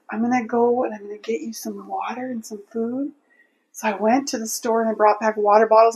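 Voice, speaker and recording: A woman's voice: fairly high pitch, a little mellow, rough recording. A woman telling a personal faith story in an interview, earnest and heartfelt, often restarting her sentences. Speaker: interview guest.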